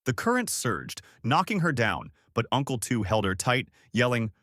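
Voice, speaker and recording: A man narrating a story in a measured, solemn way. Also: medium pitch, big pitch swings, fairly bright tone, no echo, studio quality.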